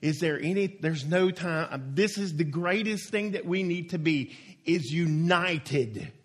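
A pastor preaches in a folksy, emphatic way, leaning hard on single words and drawing them out. His voice sits high for a man, and he takes his time, letting each point land slowly. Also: expressive, slightly rough. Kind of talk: sermon.

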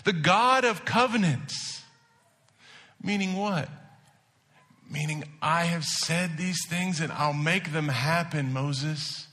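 A male pastor delivers a sermon, his voice bright and forceful. He sits slightly high in pitch, dropping to a hush and then rising to emphatic declarations. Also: slow pace. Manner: preaching, shifts between hushed and emphatic.

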